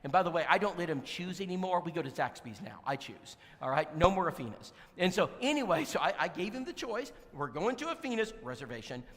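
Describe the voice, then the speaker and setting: A man speaks to a church congregation in a storytelling sermon. His voice is high and bright, and it swoops widely as he acts out conversations. The sound rings out in an echoey church hall. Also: fairly quick, few pauses. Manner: animated, acts out dialogue. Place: church sanctuary.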